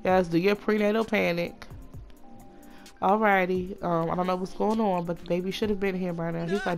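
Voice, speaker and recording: A woman with a slightly low voice gives loose, chatty play-by-play of her game. She talks straight to her viewers and gets excited, with faint music under her voice. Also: normal speed. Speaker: let's play host. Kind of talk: casual gameplay commentary.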